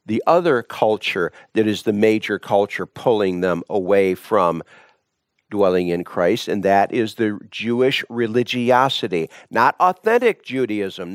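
A man preaching a sermon, emphatic and repetitive, building his points through deliberate repetition. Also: medium pitch, no room sound, clean studio sound.

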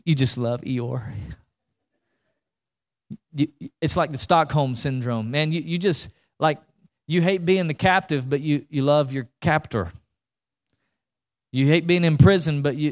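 A pastor preaches with driving energy, repeating phrases and restarting sentences as he presses his point. His man's voice sits a touch higher than most, and he calls out to the congregation for response. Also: a little slow, long pauses. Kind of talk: sermon.

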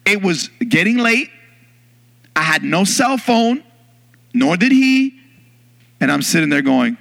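Guy preaching in church, kinda high bright voice, super animated storytelling. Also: unhurried, vocal fry, pauses often. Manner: animated storyteller, bursts into loud yelling in acted scenes. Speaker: pastor. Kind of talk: sermon with storytelling.

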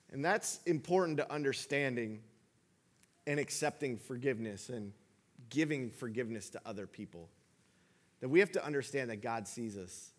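A man's voice: medium pitch, lively intonation, normal speed, a bit bright. A man in his thirties, a father, preaching a sermon in a conversational storytelling way with frequent restarts. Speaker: pastor.

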